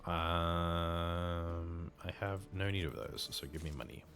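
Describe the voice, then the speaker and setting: A man's voice: a bass voice, lively intonation, fast talker, vocal fry, a bit bright, soft background music. A man casually commenting while he plays a game, chatty and self-interrupting. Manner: chatty, self-interrupting, playful about accents. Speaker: game streamer.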